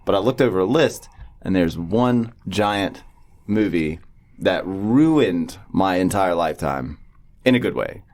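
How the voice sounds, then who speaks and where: A young man with a drawl and a low voice that swings widely as he talks. He rambles and jokes, swearing freely in relaxed podcast banter. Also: measured pace. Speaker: podcast co-host. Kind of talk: casual chat.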